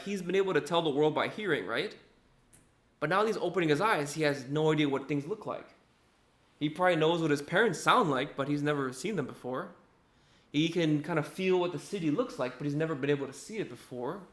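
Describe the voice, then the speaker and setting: A young man giving a casual, conversational sermon, often checking in with "right?" and acting out what people said. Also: on the high side. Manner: conversational, keeps asking "right?", acts out quotes. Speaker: preacher. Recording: echoey room.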